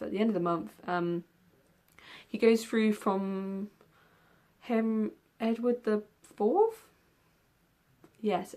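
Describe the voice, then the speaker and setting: A woman's voice: medium pitch, a little mellow. A young woman chatting casually in a book vlog tag video, rambling with lots of ums and the odd yawn. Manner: rambling, with many ums and yawns. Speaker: book vlogger.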